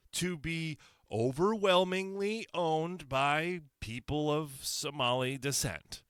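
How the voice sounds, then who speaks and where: A man hosts his own opinion podcast, speaking alone into a microphone in a solo monologue, sarcastic and firing off rhetorical questions. His voice is mid-range and fairly bright, recorded in studio quality with no echo.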